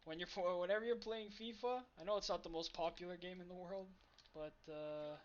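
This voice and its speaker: Profane, excitable gaming streamer. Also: mid-range voice, a little fast, lo-fi sound. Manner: profane, excitable reactions to own gameplay. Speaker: livestream host. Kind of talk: casual live gaming stream chat.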